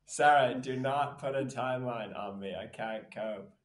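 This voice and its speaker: A man's voice: mid-range voice, moderate pace, reverberant, noisy background. A man chatting casually on a podcast as the hosts' brother, teasing and rambling with lots of fillers. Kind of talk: casual chat.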